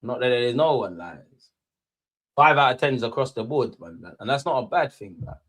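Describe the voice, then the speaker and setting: At a moderate pace, a young man with a fairly bright, animated voice chats through a football watchalong. He rants at his live chat, swearing heavily and rising into high-pitched indignation as the match plays.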